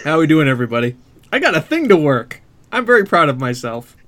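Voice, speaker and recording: A man co-hosting a gaming podcast, giggly and excitable. His fairly high voice swings up and down a lot. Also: fast talker. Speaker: podcast co-host. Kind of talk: casual chat.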